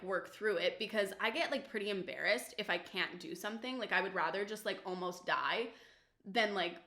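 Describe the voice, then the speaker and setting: In a chatty storytime while getting ready, a young woman who vlogs about beauty does her makeup and talks casually, peppering it with fillers and swearing. Her mid-range voice has a sharp tone, and the recording carries a roomy echo.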